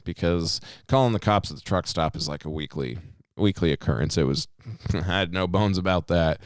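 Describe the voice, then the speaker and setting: A man's voice: low voice, normal speed, clean tone, no echo, studio quality. A young man co-hosting a podcast, telling a rambling, profane anecdote in casual chat. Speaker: podcast co-host.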